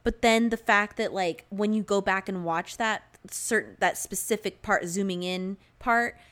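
A young woman in casual conversation, recapping a movie with lots of fillers and animated asides. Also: mid-range voice, a little slow. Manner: animated, filler-heavy, frequent "like".

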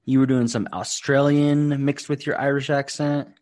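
A man's voice: mid-range voice, flat delivery, moderate pace, darkish tone. Regular guy, mid voice, just chilling and chatting on a podcast. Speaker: podcast co-host. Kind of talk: casual chat.

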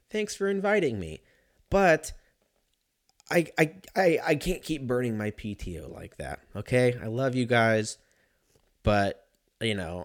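A young man hosting a podcast on his own, talking in a loose, rambling, profane and jokey way. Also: fairly low pitch. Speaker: podcast host. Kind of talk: casual solo chat.

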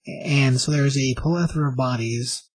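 A man retelling a plot in a loose, rambling way, filling the gaps with fillers. His voice is husky. The recording is dry and close. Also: medium pitch, fairly even intonation, moderate pace, dry recording, rough recording. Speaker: vlogger recapping a show. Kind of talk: casual story recap.

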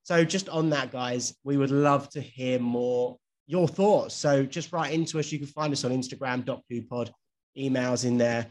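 A chatty man co-hosting a podcast in relaxed conversation. His voice sits at an ordinary middle pitch. He talks freely and laughs easily. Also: moderate pace. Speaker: podcast co-host. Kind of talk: casual chat.

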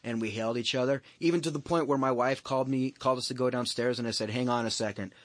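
A man's voice: medium pitch, fairly even intonation, fast talker, no room sound. A middle-aged man telling a personal story on a podcast, candid and rambling, swearing freely and restarting his sentences. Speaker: podcast host. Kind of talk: casual storytelling chat.

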